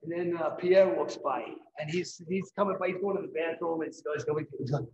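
A middle-aged man giving a live painting demonstration, telling lively anecdotes and acting out what others said. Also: fairly high pitch, a little fast, few pauses, roomy sound, slight background noise, low-quality recording. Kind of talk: storytelling during a live demonstration. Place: event hall.

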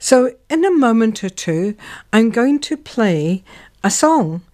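Slow, unhurried New woman host. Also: fairly high pitch, big pitch swings, dark tone. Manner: unhurried, searching for words with fillers. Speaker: local history show host. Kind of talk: casual radio-style chat.

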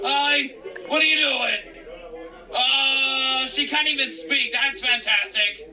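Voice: high-pitched, slow, distant mic, crowd noise, poor audio. A gamer reacting to a horror game, swearing, gasping and shrieking at each jump scare. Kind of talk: screaming game reaction commentary.

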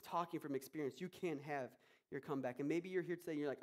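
A man's voice: a little high, fast, a little mellow. A male pastor preaching a sermon with energy, acting out quotes and prayers.

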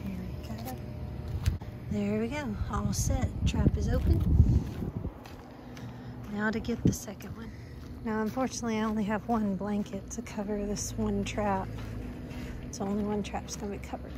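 A woman narrating a casual rescue vlog outdoors at a gas station, talking softly and coaxing stray animals in baby talk. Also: mid-range voice, steady tone, moderate pace, long pauses, noisy background.

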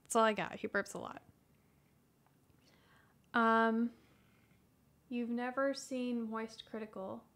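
A woman in her thirties who answers livestream chat questions in a casual, soft-spoken way, hesitating and restarting often. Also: on the high side, fairly even intonation, slow pace, pauses often.

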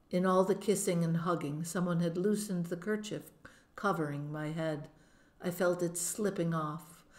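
A woman narrates a first-person novel as an audiobook. Her reading is slow and measured, with an expressive touch. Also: lowish voice.

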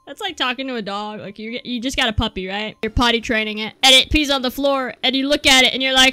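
A young woman streaming a racing game, chatting casually with her viewers and breaking into loud excited outbursts. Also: a little high, fairly quick, few pauses, over music.

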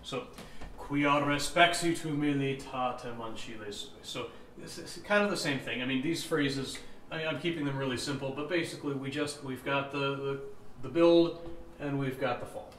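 The recording, made in an echoey room with faint ambience and slight background noise, has a man teaching chant rhythm step by step. He uses a mid-range voice at a moderate pace, counts beats, sings examples, and often says "right?".

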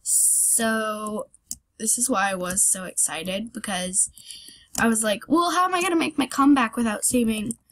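A woman's voice: fairly high pitch, moderate pace, fairly bright tone. A young woman hosting her own channel, giving rambling, self-deprecating casual commentary on a parkour game and yelping at her fails, with keyboard clicks behind her. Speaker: gaming channel host.

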